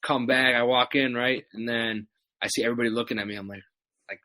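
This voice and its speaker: A man's voice: mid-range voice, fast, dry recording. A young adult man telling stories in a casual chat, acting out what people said. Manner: animated storyteller, acts out quotes. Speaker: podcast guest.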